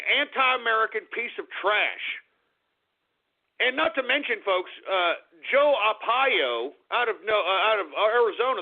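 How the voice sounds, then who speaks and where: Man, radio talk host, angry profane rant, gravelly voice, tinny phone-like sound. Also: high voice. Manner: angry, profane, shouting at listeners. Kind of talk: ranting political talk radio.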